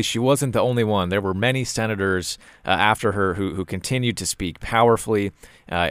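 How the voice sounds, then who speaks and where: A man hosts a talk show in a low, smooth and clear voice. He speaks casually and breaks his flow with frequent "uh" fillers and repeated words. The sound is dry and close, with almost no room echo. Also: a bit bright. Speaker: podcast host. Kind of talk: casual commentary.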